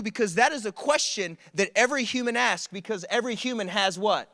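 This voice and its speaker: A man preaches to a college crowd, telling his own stories with humor and energy. His voice sits high and bright. The sound is close and dry. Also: a little fast, dry recording. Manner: animated, conversational storytelling with humor. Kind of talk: sermon. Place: church service.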